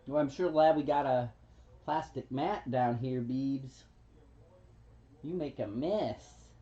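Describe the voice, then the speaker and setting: Mellow-voiced woman doting on her pet bird. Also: a bass voice, slow. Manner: doting, coos pet names and laughs softly. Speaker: pet bird owner on a livestream. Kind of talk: casual chat with a pet. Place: indoors at home. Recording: dull lo-fi home livestream audio.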